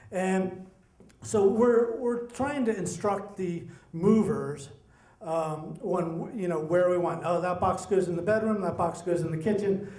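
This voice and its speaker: A middle-aged man telling a personal story, animated and acting out the voices of the people in it. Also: sits high. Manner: animated, acts out quoted voices. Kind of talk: personal story told to an audience. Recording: echoey room.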